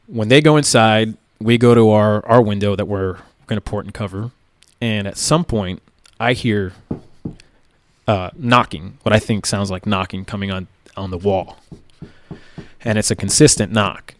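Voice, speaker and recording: A man's voice: on the low side, fairly even intonation, a little slow, no room sound, clean studio sound. A police tactical officer, a man, recounting events in a plain-spoken, casual way with lots of "like" and "right?". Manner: plain-spoken, many fillers like "like" and "right?", occasional swearing.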